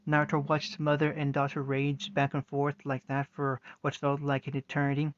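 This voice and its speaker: A man reading fan fiction aloud, halting with frequent restarts, in a muffled lo-fi recording. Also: mid-range voice, monotone, no echo. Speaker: reader.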